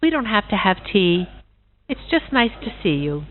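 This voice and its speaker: A woman voicing a cheerful, sociable busybody pig with a bright, chatty manner, on a tinny recording. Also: mid-range voice, sing-song, moderate pace, close to an everyday voice. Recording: tinny phone-like sound.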